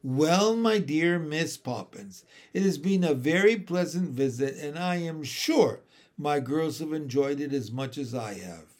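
A man voicing a tiny, ancient shopkeeper woman with a high, shrill little voice, bossy to her daughters and sly with guests. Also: animated, a little slow, a little mellow. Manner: switches between scolding and sugary coaxing.

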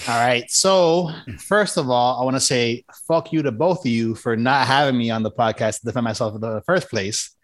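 A man's voice: mid-range voice, moderate pace, hardly any pauses. A man as a podcast guest, joking and defensive in casual chat.

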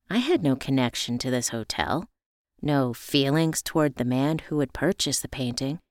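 A woman narrating a first-person story in a reflective, measured way. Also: low voice, darkish tone, no room sound, studio quality.

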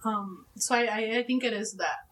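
A woman's voice: medium pitch, moderate pace, a crowd in the background. A young adult woman hosting a podcast in casual chat, talking chattily with lots of "like" fillers and frequent laughs. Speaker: podcast host.

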